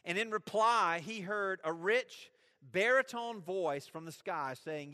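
A man with a high, bright, ringing voice preaches a sermon, pressing his points and throwing questions back at the congregation. His words trail off into a long hall reverb. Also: takes it slowly. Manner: emphatic, asks the listeners questions. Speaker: pastor.

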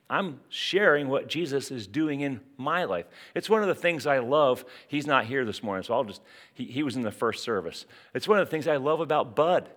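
A man's voice: mid-range voice, fairly bright tone. A man preaching a sermon in church, talking in a conversational way with lots of rhetorical questions and asides. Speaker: pastor.

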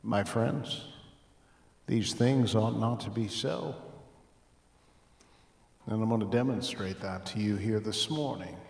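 A man's voice: on the low side, slow pace, vocal fry, pauses often. A man preaching a sermon as pastor, emphatic with dramatic rises and drops in his voice. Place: church sanctuary. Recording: echoey church hall.

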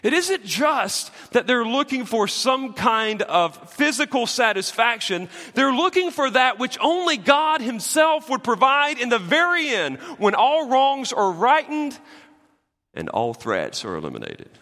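A pastor preaches in a high, lively voice that climbs and drops sharply between loud and hushed. His tone is bright and forceful, with jokey asides. The sound carries a long reverb from the church hall. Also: unhurried. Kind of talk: sermon.

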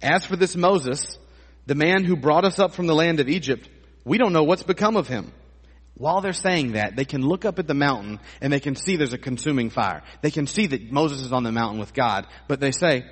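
A man preaching a sermon as a pastor in a church, animated and acting out voices with comic exaggeration. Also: a little high, a little fast, husky. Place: church sanctuary. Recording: long hall reverb.

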